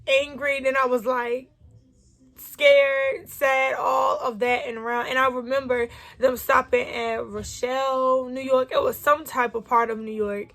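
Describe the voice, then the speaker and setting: A young woman with a high, light voice tells a storytime vlog to her viewers. She is chatty and animated, and she acts out every line of dialogue as she goes. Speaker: vlogger.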